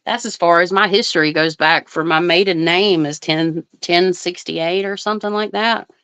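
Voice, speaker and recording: Chatty woman with a smooth, dry voice. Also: lowish voice, steady tone, moderate pace, a bit bright, no echo, muffled recording. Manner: chatty, thinks aloud while reading viewer comments. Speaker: astrologer livestream host. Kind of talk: casual livestream chat with viewers.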